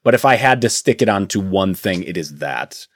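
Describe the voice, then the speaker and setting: A young voice actor from Indiana talks casually and laughs often between his phrases. His pitch swings widely, up and down. The sound is close and dry. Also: animated, normal speed, dry recording. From Indiana, USA. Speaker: voice actor guest. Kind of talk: casual interview chat.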